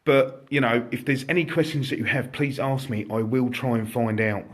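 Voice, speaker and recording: Chatty shop owner streaming live. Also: male voice, mid-range voice, moderate pace. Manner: chatty, excitable, jokey, addresses viewers directly. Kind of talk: casual live stream chat. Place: his shop indoors.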